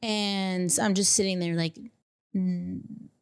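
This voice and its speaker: A young woman with a Texan accent talks through a painful memory on a podcast, her speech full of fillers and restarts. Her voice sits fairly low and stays flat in pitch. Her tone is smooth and clear. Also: slow. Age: young adult. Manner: emotional retelling, many fillers. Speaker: podcast guest. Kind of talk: casual storytelling.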